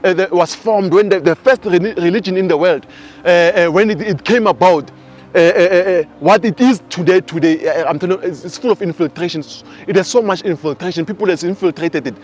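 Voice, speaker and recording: A man in his twenties with a South African accent, giving a casual, animated spiritual teaching talk. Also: sits high, fairly quick, faint music behind. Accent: South African English. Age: 20s. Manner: animated storyteller.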